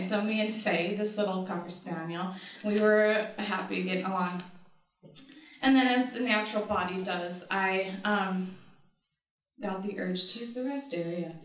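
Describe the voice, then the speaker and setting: A woman's voice: mid-range voice, a bit bright. A woman telling a true story live on stage, chatty and giggly, with many ums. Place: live stage event before an audience. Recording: very echoey venue, distant mic, audience audible.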